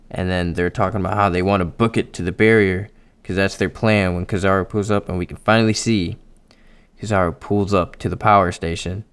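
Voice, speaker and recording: Man, lowish voice, casual manga readthrough, excitable, swears a lot, talks to viewers. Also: clear, resonant tone. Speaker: anime and manga YouTuber.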